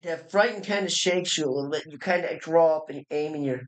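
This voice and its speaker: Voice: medium pitch, a little fast, rough recording. A game master narrating a homebrew tabletop game in a casual, loose way, with restarts and mouth sound effects.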